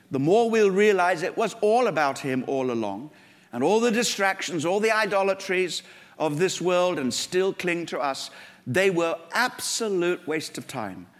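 High-voiced preacher in a reverberant hall. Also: male voice, fairly bright tone. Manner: earnest, building to emphatic climaxes. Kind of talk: sermon.

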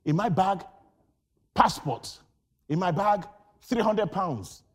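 Animated preaching man, high and lively. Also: slow. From Nigeria. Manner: shouts and repeats phrases with rising intensity; tells personal stories in a lively, animated way. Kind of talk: sermon.

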